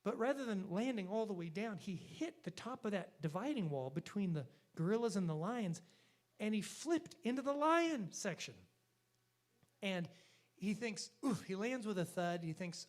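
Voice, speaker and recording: A man's voice: high voice, normal speed. A man telling a long, folksy joke live on stage at a church concert. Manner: animated, folksy storyteller.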